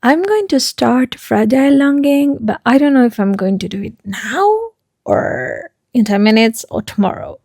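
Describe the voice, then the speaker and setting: A woman's voice: on the high side, creaky, darkish tone, dry recording, studio quality. A young woman chatting casually in a reading vlog, rambling and emotional, swearing often and sometimes dropping to a whisper. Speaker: book vlogger.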